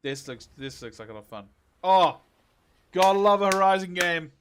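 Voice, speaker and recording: A man reacting excitedly on a live stream, exclaiming and reading viewer questions. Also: high voice, normal speed, noisy background.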